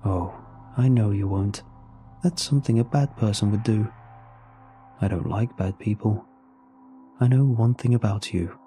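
A man voicing an eerie inhuman creature that speaks gently and possessively in a horror story reading. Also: lowish voice, measured pace, long pauses, faint music behind. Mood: coaxing.

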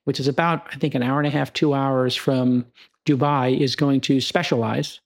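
An American man hosting a podcast in relaxed, conversational chat. He lays out opinions at length and leans on examples and side remarks. His voice sits at an ordinary middle pitch for a man. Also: moderate pace, vocal fry. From United States. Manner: opinionated, explains with examples and asides. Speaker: podcast host.

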